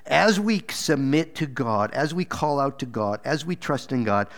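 A man's voice: medium pitch, animated, a little slow. A man preaching a sermon in church, earnest and exhorting, with frequent repeated words and emphatic rises. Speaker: pastor.

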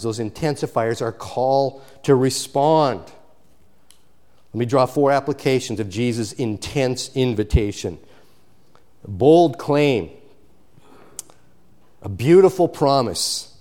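A pastor preaching a sermon, his delivery swinging between quiet, intimate passages and loud, emphatic calls. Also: mid-range voice, measured pace, long pauses.

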